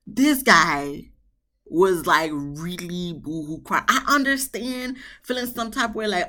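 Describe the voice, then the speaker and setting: A woman's voice: on the low side, lively intonation, unhurried, sharp tone. A woman reviewing a reality TV episode in a chatty, emphatic vlog style with dramatic asides. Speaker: TV show reviewer.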